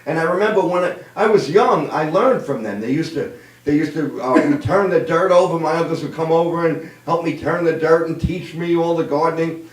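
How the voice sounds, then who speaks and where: A man's voice: fairly high pitch, normal speed, recorded from a distance. Chatty man in his fifties, cracking jokes. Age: 50s. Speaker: show host, comedian. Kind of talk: stand-up joke telling. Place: live streamed show room. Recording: roomy, away from mic.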